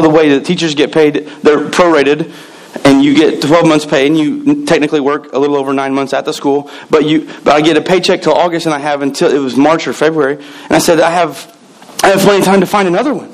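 A man's voice: fairly high pitch, poor audio. A middle-aged man preaching a sermon, telling a personal story with emphatic repetitions. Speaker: pastor.

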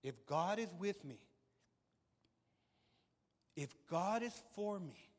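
High-voiced preacher man in a reverberant hall. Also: takes it slowly. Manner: animated, emphatic preaching with repeated words. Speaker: pastor. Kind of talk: sermon. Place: church hall with audience. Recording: long reverb of a large hall.

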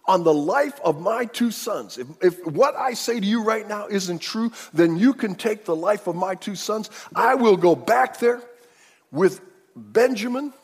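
Man voicing an earnest older brother swearing an oath, husky, in a reverberant hall. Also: high-pitched, lively intonation, measured pace, pitched above the performer's own voice, full character voice. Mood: pleading. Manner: urgent, earnest pleading.

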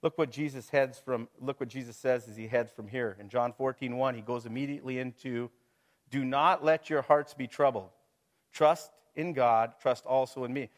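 A man's voice: medium pitch, fairly even intonation, moderate pace. A middle-aged man preaching a sermon to his congregation, talking it through casually, with rhetorical questions and chuckles. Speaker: pastor.

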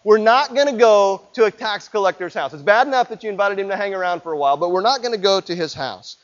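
A man voicing a group of male disciples who protest loudly and quickly to their leader, in a dull lo-fi recording. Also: high-pitched, animated. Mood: indignant. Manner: loud, rapid, exasperated pleading. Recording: dull lo-fi sound.

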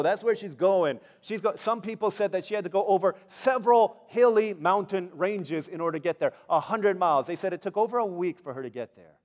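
Male pastor, middle-aged, animated storytelling, slightly high voice, long hall reverb. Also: a little fast. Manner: animated storytelling, acts out characters. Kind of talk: sermon.

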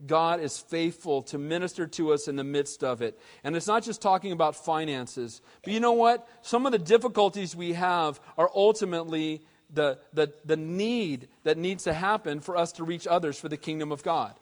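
Man preaching, high voice, casual animated delivery, long hall reverb. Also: moderate pace, few pauses. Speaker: pastor. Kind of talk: sermon.

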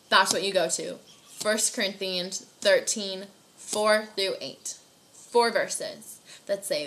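A young woman giving an earnest, encouraging devotional talk, casual and warm in manner with frequent fillers like "like". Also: mid-range voice, lively intonation, a little slow, a little hiss or hum. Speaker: youth devotional speaker.

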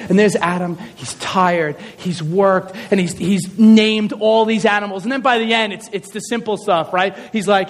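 A man giving an animated, joking sermon, acting out scenes as he tells stories, in a reverberant hall. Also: high-pitched, normal speed, hardly any pauses. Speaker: speaker, high school teacher. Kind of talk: sermon with comic storytelling.

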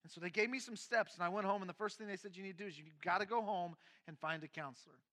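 A middle-aged man who is a pastor, telling his own story in a sermon, candid and shifting between quiet and emphatic moments. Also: high-pitched, rapid-fire. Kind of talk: sermon testimony.

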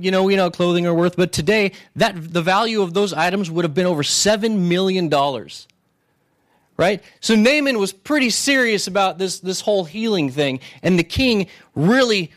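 A male pastor preaching a sermon in a conversational way, retelling scripture stories and often checking in with the congregation. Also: high voice. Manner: conversational, keeps checking in with "right?"; retells stories with restarts and acted asides.

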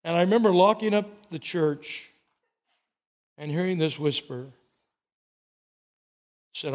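A male pastor telling stories in a sermon, humorous and animated, with chuckling asides. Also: fairly high pitch, slow, pauses often. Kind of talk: storytelling sermon.

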